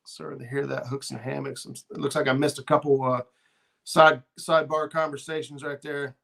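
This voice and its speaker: A man's voice: mid-range voice, flat delivery, normal speed, creaky, a bit bright. A middle-aged man hosting a fishing channel livestream, chatting casually and rambling with lots of ums and uhs as he reads viewer comments.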